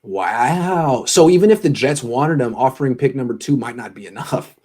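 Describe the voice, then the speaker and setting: A man's voice: mid-range voice, lively intonation, normal speed, a little mellow. A man hosting a casual sports podcast, rambling and restarting his thoughts. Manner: loose, rambling, restarts a lot. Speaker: host.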